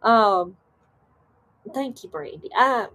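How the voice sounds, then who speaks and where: A woman's voice: a little high, expressive, takes it slowly, a bit bright. A woman with a Southern American accent hosting a live stream, chatting casually and easily breaking into laughter. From Southern United States. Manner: laid-back, chatty, laughs easily, many fillers. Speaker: host of a live paranormal stream. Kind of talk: casual chat reading live comments.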